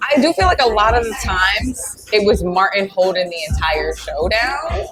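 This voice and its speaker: A woman hosts a casual podcast chat, relaxed and quick to affirm her guest. Her pitch sits in an ordinary middle range. Clear music plays behind her. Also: rough recording. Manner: relaxed, affirming, frequent "yeah" backchannels. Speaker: podcast host.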